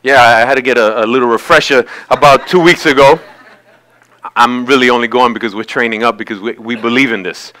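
A man's voice: mid-range voice, steady tone, fairly quick, sharp tone. A male pastor giving a sermon, talking conversationally and building to emphatic peaks. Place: church sanctuary.

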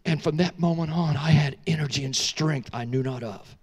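Man, middle-aged, high voice, church sermon, dramatic storytelling, frequent restarts. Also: moderate pace, slightly rough. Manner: animated, dramatic storytelling with many restarts, asks the audience questions. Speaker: guest preacher. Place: church sanctuary.

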